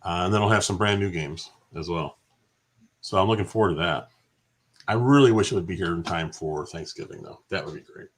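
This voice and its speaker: Easygoing lower-voiced male co-host. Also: a little fast, husky. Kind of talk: casual stream chat.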